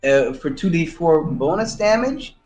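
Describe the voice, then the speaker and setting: A man's voice: a little high, animated, a little slow, darkish tone, faint music behind. A man playing a tabletop game, thinking aloud and counting out moves. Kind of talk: casual game talk. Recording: echoey room.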